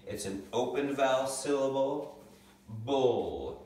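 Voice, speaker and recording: A young man teaching a second grade lesson from home, patiently sounding out words slowly. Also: medium pitch, animated, a little mellow. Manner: patient, slow, stretches out words to sound them. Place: home room. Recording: echoey room, mic far off.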